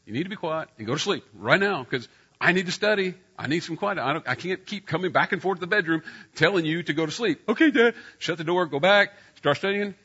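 A middle-aged man preaching a sermon, telling a personal story and getting loud when he acts out scenes. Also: a little high, lively intonation, fast talker, slightly rough, lo-fi sound.

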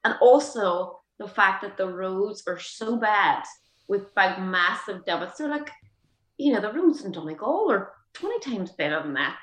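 A woman's voice: mid-range voice, animated, moderate pace, fairly bright tone. An Irish woman chatting as a guest, peppering her stories with "like" and "you know". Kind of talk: casual chat. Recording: roomy echo.

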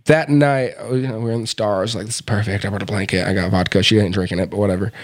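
A man's voice: fairly low pitch, fairly even intonation, fast. Man rambling through a casual story. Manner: loose, rambling, laughing as he talks. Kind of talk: casual chat, telling a story.

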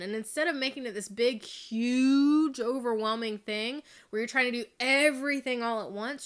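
A woman's voice: fairly high pitch, normal speed, few pauses, fairly bright tone, smooth. A woman hosting her own podcast as a life coach, talking off the cuff in a candid, chatty way with casual swearing and tangents. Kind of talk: casual unscripted podcast monologue. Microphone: studio microphone.

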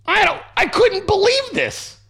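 A man hosting a podcast, ranting in a casual, sarcastic and profane way with loud outbursts. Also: very high-pitched, big pitch swings, unhurried, creaky. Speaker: podcast host.

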